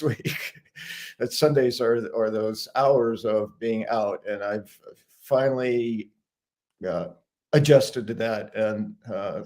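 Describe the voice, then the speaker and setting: A man's voice: medium pitch, a little mellow. A man telling a casual anecdote on a live chat show, chuckling and restarting his sentences as he goes. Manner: chatty storyteller, frequent restarts and chuckles. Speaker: guest sharing an anecdote.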